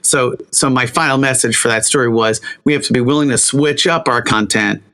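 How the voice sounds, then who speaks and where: Man in a mid-pitched coaching tone. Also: a little fast, sharp tone. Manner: coaching, storytelling with emphasis. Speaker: media trainer, interview guest. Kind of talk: conversational interview.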